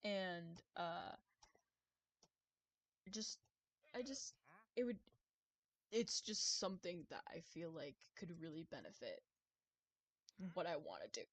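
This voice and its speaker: Excitable young woman streamer, rambling. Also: on the low side, slow pace, pauses often, no room sound. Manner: excitable, rambling, swears often, stumbles over words. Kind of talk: casual live-stream chat.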